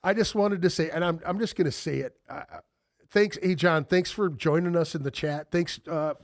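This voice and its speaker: Casual male podcast host, a touch high-pitched, dry close mic, loose, profane, rambling delivery. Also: normal speed, no room sound. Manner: loose, swearing, rambling with many fillers. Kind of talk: casual chat.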